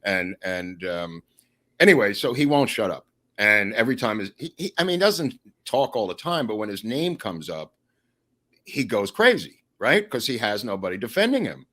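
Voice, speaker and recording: A man telling a long story in a casual podcast chat, animated and digressive, often acting out the quotes he tells. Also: lowish voice, normal speed.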